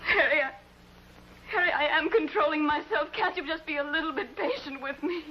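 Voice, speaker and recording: A woman's voice: high voice, a little fast, background noise, close to an everyday voice. An actress playing a lonely, distraught woman who stammers and pleads tearfully on the telephone with her ex-lover. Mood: desperate. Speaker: actress in a TV drama. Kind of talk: 1950s TV drama acting. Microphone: telephone in hand. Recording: dull 1950s TV soundtrack with score.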